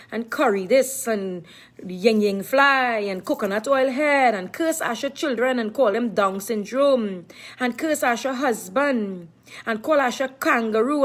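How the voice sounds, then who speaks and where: Emphatic middle-aged woman, higher voice. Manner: emphatic and repetitive, speaks of herself in third person. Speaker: live-stream vlogger. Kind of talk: casual talk to viewers.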